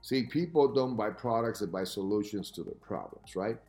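A man giving podcast talk as a sales coach, with an emphatic, lively delivery who keeps asking "right?" as he teaches. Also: lowish voice, normal speed, soft background music.

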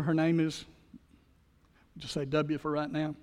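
A man's voice: on the high side, flat delivery, normal speed, long reverb tail. A man preaching a sermon, telling stories and leading the congregation in repeated phrases. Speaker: pastor.

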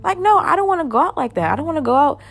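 A woman in her twenties hosting her own podcast, talking in a chatty, upbeat and animated way. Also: high voice, very fast, vocal fry. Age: 20s. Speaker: podcast host. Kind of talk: casual solo podcast chat.

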